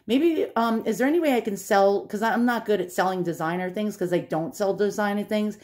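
A woman's voice: medium pitch, fairly quick, darkish tone. A middle-aged woman vlogger chatting casually to camera, rambling with many fillers and little laughs.

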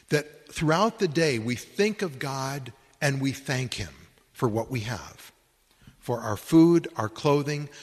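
A priest giving a slow, reflective sermon at a conference. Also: male voice, mid-range voice, fairly bright tone, husky, in a large hall. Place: conference hall.

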